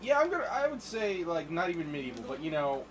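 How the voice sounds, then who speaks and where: A man's voice: a little high, fast talker, crowd noise, rough recording. A young man chatting casually over a game he's playing, telling stories and acting out scenes. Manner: chatty, animated storytelling, acts out lines. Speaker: gaming co-host. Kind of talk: casual let's-play chat.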